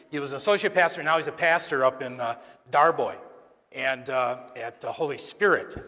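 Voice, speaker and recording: A man, apparently a deacon, giving a conversational sermon during Mass, halting and joking with the congregation. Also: mid-range voice, fairly bright tone. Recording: long church reverb.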